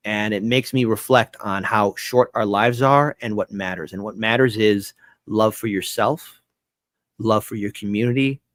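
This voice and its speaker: A man, a guest on a talk show, telling an emotional personal story in an earnest, halting way with many restarts. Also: lowish voice, fairly bright tone, no room sound, studio quality.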